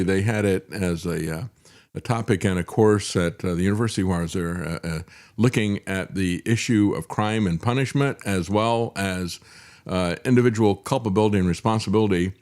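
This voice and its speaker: A man's voice: lowish voice, lively intonation, moderate pace, darkish tone. A male talk show host giving indignant, sarcastic commentary, with frequent fillers.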